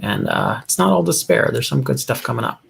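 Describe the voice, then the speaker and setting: An easygoing co-host chats casually on a live show. The voice is gravelly and mid-pitched, and most of what they say is short asides and replies. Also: wildly swooping pitch, brisk. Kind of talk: casual livestream chat.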